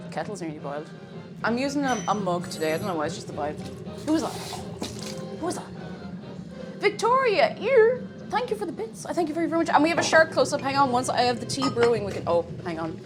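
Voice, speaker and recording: A woman chatting bubbly and excitably on a livestream while cooking, now and then breaking into shouted cheers. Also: high voice. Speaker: streamer.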